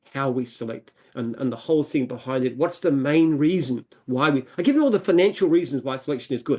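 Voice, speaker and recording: An Australian man speaks as an interview guest, earnest and emphatic. He often repeats himself as he builds a point. His voice sits at a middle pitch. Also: a little mellow, breathy edge. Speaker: franchise founder, guest. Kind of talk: interview answers.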